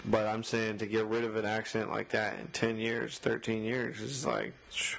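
A man's voice: on the low side, level tone, moderate pace, vocal fry, fairly bright tone, rough recording. A man co-hosting a casual podcast chat who rambles, leans on lots of filler words, and chuckles often. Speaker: podcast co-host.

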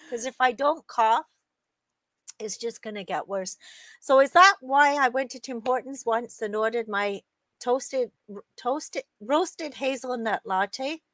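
Relaxed, chatty woman co-host. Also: high-pitched, slow pace, long pauses, no echo. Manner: relaxed and chatty, with small laughs. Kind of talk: casual chat.

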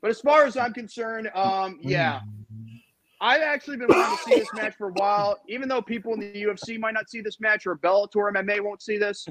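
A man's voice: high-pitched, sing-song, a little fast, fairly bright tone. A man hosting a podcast panel chat, ranting heatedly and repeating himself. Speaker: podcast host.

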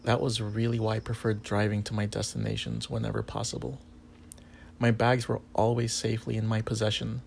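Low gravelly man reading a story. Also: completely flat delivery, brisk, darkish tone, a little hiss or hum. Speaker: erotica story reader. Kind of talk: first-person story narration.

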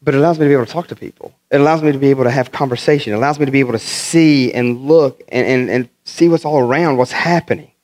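A pastor from the northern United States preaching a sermon, telling funny stories in an animated way and often repeating his words. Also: medium pitch, racing, few pauses. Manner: animated, humorous storytelling with many repeated words.

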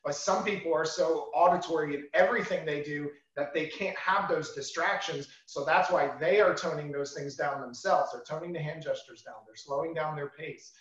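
A fairly high-voiced man explains sales ideas to a class, circling back to repeat his main phrases. His voice sounds roomy and lo-fi, as on a video call. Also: normal speed, hardly any pauses, fairly bright tone.

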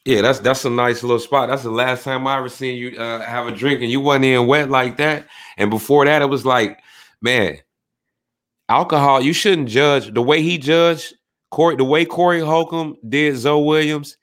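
A man hosting a show in casual chat, telling animated stories in heavy slang. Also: mid-range voice, moderate pace.

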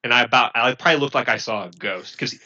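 A man casually recounting a story in halting bursts, full of fillers and restarts. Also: medium pitch, sharp tone, lo-fi sound. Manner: halting, filler-heavy, self-correcting. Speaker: former Marine recruit.

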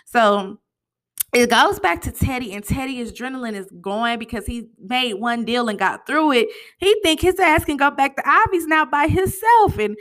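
A woman giving a casual, chatty recap of a TV episode, talking to her viewers in an animated way and often tossing in "you know" and "honey". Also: sits high, normal speed. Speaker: TV show recap host.

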